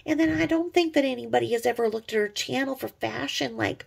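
Speaking fast, this middle-aged vlogger trashes someone online in a stream of profane, sarcastic gossip. She has a husky, roughened voice that sits deep in gravel.

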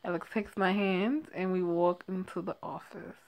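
A woman's voice: lowish voice, fairly even intonation, moderate pace, vocal fry, darkish tone. A young woman reading her own first-person story aloud, casual and sassy, often laughing and adding asides. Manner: giggly, sassy, breaks off to laugh and comment.

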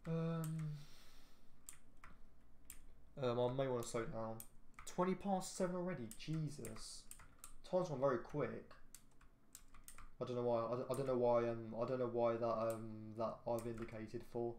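Teen boy, gaming commentary, flat rambling delivery, roomy echo with faint noise behind. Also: medium pitch. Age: teenager. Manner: rambling, repeats himself, quick outbursts at traffic. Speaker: gaming channel host. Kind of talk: casual gameplay commentary.

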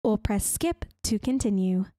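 A woman voicing a supermarket self-checkout machine in a flat, measured announcer tone. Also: medium pitch, no room sound, clean studio sound, pitched below the performer's own voice, lightly acted. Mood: prompting.

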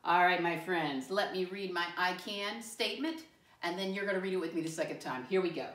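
A woman teaching a first grade class, speaking slowly and clearly to young children and spelling words out letter by letter. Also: fairly low pitch, a bit bright. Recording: roomy sound from a distant mic.

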